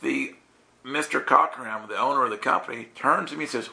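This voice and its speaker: A man preaching a lively sermon to listeners, telling stories with laughter and acting out the voices of the people in them. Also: medium pitch, a little fast, creaky. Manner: animated, laughing, acts out quoted voices.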